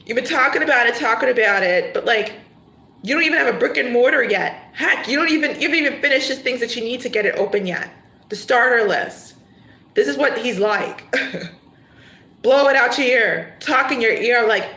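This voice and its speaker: Bright-voiced woman reading tarot. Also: fairly high pitch, moderate pace, roomy sound, low-quality recording. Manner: animated storytelling, acting out scenes. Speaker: tarot reader.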